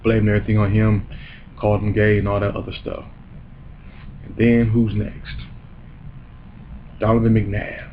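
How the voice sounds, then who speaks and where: A man's voice: on the low side, monotone, moderate pace, pauses often, narrow, tinny audio, a little hiss or hum. Man ranting, profane and mocking. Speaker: comedy show host. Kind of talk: ranting comedic commentary.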